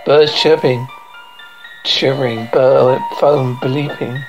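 A woman's voice: low voice, a little slow, music in the background, poor audio. A woman reading a horror show transcript aloud, sound cues included, acting out screams and gasps between the lines.

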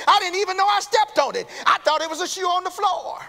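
High, bright-voiced preacher in a reverberant church. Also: male voice, fast talker, few pauses. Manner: call-and-response preaching, rising to shouts. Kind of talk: sermon. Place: church sanctuary. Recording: long hall reverb in a church.

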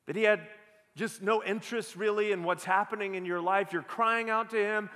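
Man preaching in a big auditorium: bright, forceful tone, earnest, pressing rhetorical questions. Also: sits high, fairly even intonation, normal speed, long reverb tail. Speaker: pastor. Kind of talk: sermon.

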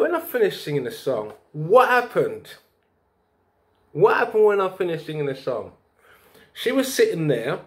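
A man vlogging, telling a rambling spiritual story in a preachy, lively way with bursts of laughter. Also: fairly high pitch.

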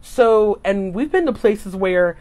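A woman in her thirties, a guest in a casual chat, telling her stories in an animated, expressive way. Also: medium pitch, slow pace.

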